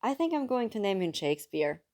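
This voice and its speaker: A woman with a German accent reading the part of a cheerful, naive young man who talks in an excited, doting way. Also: medium pitch, brisk, voice pushed up, lightly acted. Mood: earnest.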